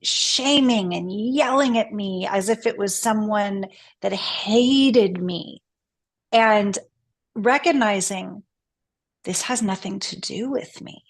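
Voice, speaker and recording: A woman guest in a spiritual conversation, speaking gently and reflectively. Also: medium pitch, slow.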